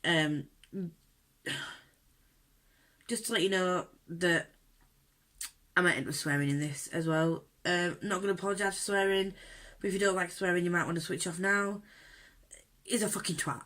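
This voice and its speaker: A woman's voice: fairly low pitch, fairly even intonation, moderate pace, pauses often, a bit bright. A woman vlogging at home while doing her makeup, telling an upsetting story candidly and indignantly with lots of fillers. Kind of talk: unedited get-ready-with-me rant.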